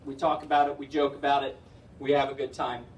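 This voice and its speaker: A man's voice: mid-range voice, flat delivery, fairly quick, a little hiss or hum. A middle-aged man performing stand-up comedy, chatty and self-deprecating, chuckling through his stories. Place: indoor event hall. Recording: echoey hall from far off.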